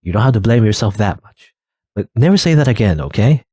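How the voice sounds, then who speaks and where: A man voicing a calm village elder who soothes and reasons with a grieving parent in a video game read-through. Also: on the low side, brisk, slightly rough, no room sound, studio quality. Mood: soothing.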